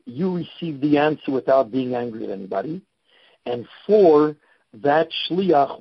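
A time management coach, appearing as a guest on a podcast interview, gives emphatic, instructive advice and keeps repeating his key points. His medium-pitched voice is slightly rough, and the muffled recording has no echo.

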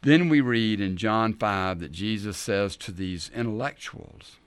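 A man hosting a Bible teaching show, telling scripture stories in an animated way and acting out the people in them. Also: lowish voice, measured pace, clean tone, no room sound. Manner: animated, acts out the scripture scenes in character voices. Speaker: men's ministry teacher and show host.

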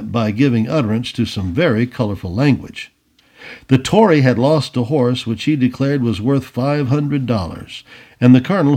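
A man narrating an old adventure story aloud in an expressive storybook reading. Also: medium pitch, husky. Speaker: audiobook reader.

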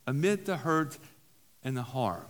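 A man with a medium-pitched, animated voice speaks a little slowly, and a long reverb tail hangs on each line. Preaching as a pastor at a recovery-group meeting in a church hall, he keeps things conversational, repeats key phrases and makes self-deprecating asides.

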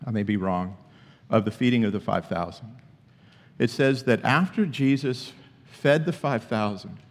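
A man preaching a sermon as pastor, emphatic, with high-pitched bursts when acting out questions. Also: darkish tone, long reverb tail.

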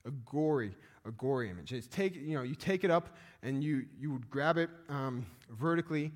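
A man's voice: medium pitch, expressive, normal speed. A male pastor, preaching a sermon in a conversational way, with fillers and restarts. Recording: long reverb of a church hall.

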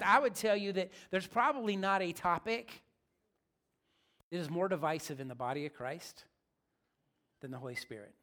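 A man's voice: high-pitched, fairly bright tone. A man preaching a sermon as pastor, in a casual, joking, conversational way.

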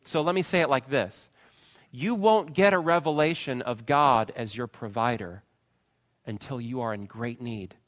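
A man preaching a sermon, retelling a story with dramatic swings from loud pleading cries to hushed, quiet phrases. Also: medium pitch, moderate pace. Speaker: pastor.

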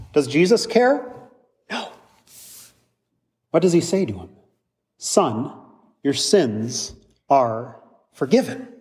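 A man's voice: a little high, darkish tone, in a large hall. A man, a pastor, preaching a conversational sermon full of rhetorical questions.

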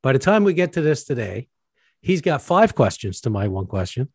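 A man's voice: medium pitch, big pitch swings, moderate pace, darkish tone, slightly rough, dry recording. A man hosting a casual podcast chat with his brother, jovial and self-mocking, laughing often. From Newfoundland. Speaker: podcast host; preacher.

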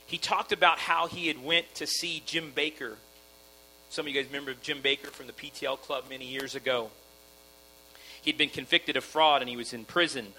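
A man's voice: mid-range voice, sharp tone, a little hiss or hum, low-quality recording. A man preaching a sermon earnestly, often restarting his sentences. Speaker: pastor.

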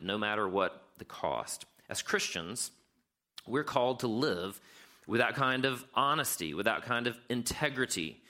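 Bright-voiced man preaching conversationally. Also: mid-range voice. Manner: conversational preaching, animated when telling stories. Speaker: pastor. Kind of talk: sermon.

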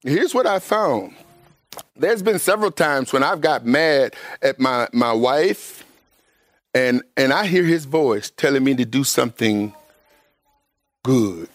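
A man preaching a sermon to his congregation, emphatic and conversational, with everyday vernacular, often jumping up high in pitch to stress a point. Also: animated, slow, long pauses, no room sound, studio quality.

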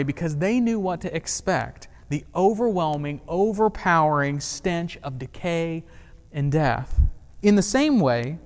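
Man, pastor, conversational sermon, higher-pitched voice, echoing hall. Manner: conversational, uses humor and rhetorical questions.

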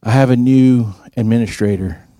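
A man's voice: normal speed, mellow, no echo, clean studio sound. A man giving a sermon, telling stories and acting out the dialogue. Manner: storytelling, acts out quoted dialogue in a higher voice. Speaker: preacher.

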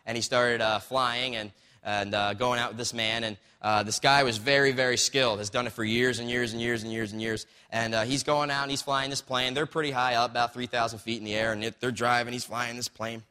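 Man, pastor, sermon, conversational storytelling, bright voice, long hall reverb. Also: mid-range voice, steady tone, a little fast, clean tone.

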